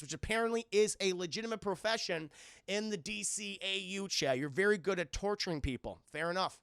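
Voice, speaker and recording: A man's voice: high voice, fairly quick, a bit bright, smooth, no echo, studio quality. A male streamer giving a rambling, profane recap of a cartoon episode, constantly addressing his chat.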